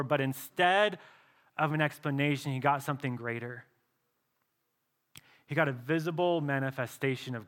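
A male pastor preaching a sermon earnestly, often dropping to a soft, slow voice for emphasis. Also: fairly high pitch.

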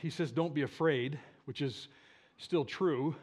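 Male pastor, high-pitched voice, lively sermon delivery, church setting. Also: measured pace. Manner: animated, leads congregation in shouting.

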